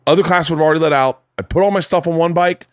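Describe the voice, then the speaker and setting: A man in his forties hosts a casual podcast chat. He tells stories with lots of swearing and acts out the other people's lines. His voice sits fairly high, and the sound is dry and close, with no room echo. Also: very fast, clean tone. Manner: animated storyteller, swears a lot, acts out quotes. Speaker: podcast host. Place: home studio.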